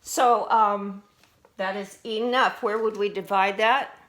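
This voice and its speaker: A woman's voice: medium pitch, fairly even intonation, fairly bright tone. A middle-aged woman teacher patiently walking students through spelling words, asking them questions as she goes. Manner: slow, patient, explains and asks questions.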